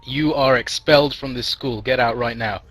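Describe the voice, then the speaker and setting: A man's voice: mid-range voice, fast talker, pushed and bright, rough recording. Brief: stern commanding male principal, told by a man.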